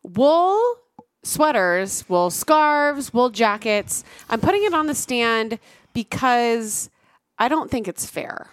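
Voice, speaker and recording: A woman's voice: on the high side, sing-song, slow pace, smooth, no room sound, studio quality. A woman co-hosting a podcast in casual chat, earnest and easy to laugh. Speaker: podcast co-host.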